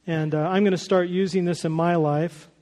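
A man preaching in a church, his voice pitched high for a man and carried by a long hall reverb. He speaks earnestly and rises to emphatic peaks as he builds each point. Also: fairly even intonation, moderate pace, a little mellow. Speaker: pastor. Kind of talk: sermon.

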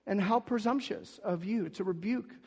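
A man preaching a sermon, telling the story with sudden swings between loud emphasis and hushed asides. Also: high voice, moderate pace, slightly rough, big-room sound. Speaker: pastor.

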